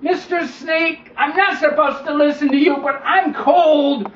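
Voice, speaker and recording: A storyteller voicing a wary young boy who is nervous about a snake and shouts his worries. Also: high-pitched, unhurried, a little hiss or hum, pitched above the performer's own voice. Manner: anxious, shouting. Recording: dull roomy recording from a distance.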